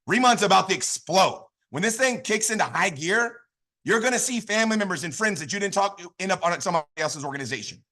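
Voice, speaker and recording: Man, motivational speaker, high-pitched, emphatic, repetitive, pumped up. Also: pushed and bright. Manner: fired up, emphatic, repetitive exhortations. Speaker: motivational speaker at sales training. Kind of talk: high-energy motivational talk.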